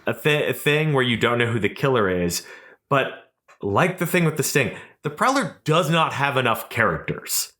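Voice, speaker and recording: Animated man reviewing films. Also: mid-range voice, normal speed. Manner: animated, swearing, joking movie reviewer. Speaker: podcast co-host. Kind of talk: casual chat.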